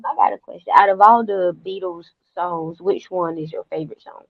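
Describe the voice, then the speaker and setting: A woman's voice: lowish voice, moderate pace, no room sound. A woman hosting a podcast, asking brief, simple questions in casual chat. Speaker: podcast host. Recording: dull, dry lo-fi sound.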